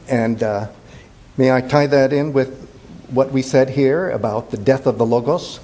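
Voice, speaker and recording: A man's voice: medium pitch, a little slow, warm tone, slight background noise. An older man from Indiana giving a playful, digressive classics lecture at a symposium, full of fillers and restarts. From Indiana, USA. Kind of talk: symposium talk.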